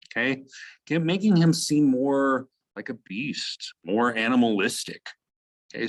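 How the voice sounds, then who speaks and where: A man's voice: medium pitch, poor audio. Guy teaching a lit lesson on tape, chatty, asks questions, lots of okays and ums. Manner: conversational, asks questions, with frequent "okay" and "um". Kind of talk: recorded literature lesson.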